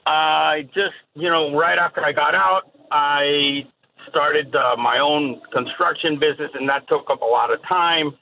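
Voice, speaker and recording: A man's voice: a little high, steady tone, creaky. Man on a tinny phone line. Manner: measured, reflective. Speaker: guest.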